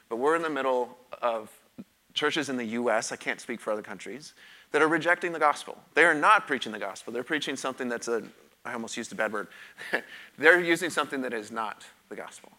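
Middle-aged male pastor, bright forceful voice, candid preaching with repeated emphatic phrases. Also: medium pitch. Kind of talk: sermon with personal testimony.

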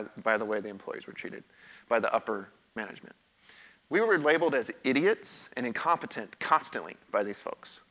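This medium-pitched male voice sounds pushed and bright. A middle-aged pastor delivers a sermon with personal testimony, recounting his own experiences in a frank, conversational manner and repeating points for emphasis.

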